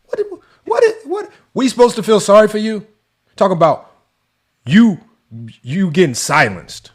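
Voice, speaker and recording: A man's voice: high-pitched, very animated, moderate pace. A man hosting a sports debate show, ranting in an exasperated, mocking way and firing off rhetorical questions. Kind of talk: heated commentary rant.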